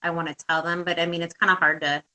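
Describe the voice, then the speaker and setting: A woman guest speaking reflectively and haltingly in a personal conversation, with frequent pauses. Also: lowish voice, little pitch movement, sharp tone, rough recording.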